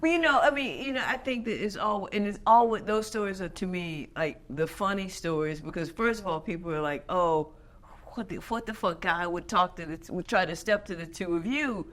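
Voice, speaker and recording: A woman hosting an interview series chats casually and tells her own anecdotes, often checking in with "right?". Her voice is fairly low and fairly bright, and she speaks briskly.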